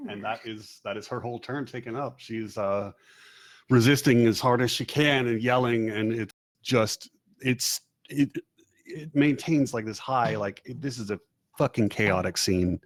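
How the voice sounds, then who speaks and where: A man's voice: mid-range voice, dry recording. Profane, casual game master man. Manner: loose, profane, many fillers. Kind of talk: narrating a tabletop game.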